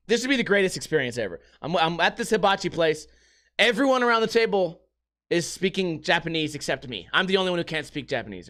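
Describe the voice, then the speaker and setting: A man's voice: high voice, fairly bright tone. A young man hosting a podcast, rambling through profane, jokey stories in casual chat. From United States. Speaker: podcast host.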